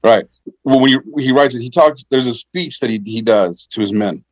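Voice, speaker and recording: A man, an army veteran, telling his service stories in a relaxed, rambling way, with fillers and self-corrections. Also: medium pitch, normal speed, dry recording, poor audio. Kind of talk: casual conversational storytelling.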